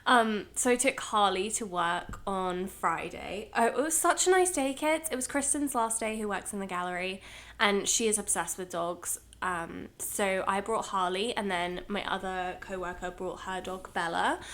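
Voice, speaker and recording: A woman's voice: mid-range voice, normal speed, a bit bright. Chatty woman podcast co-host. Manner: chatty, laughing storyteller. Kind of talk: casual chat.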